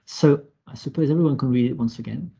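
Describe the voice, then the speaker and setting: Man moderator, soft and tentative, raspy dark voice, muffled call sound. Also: medium pitch, quick pace. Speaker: seminar moderator. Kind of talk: moderating questions.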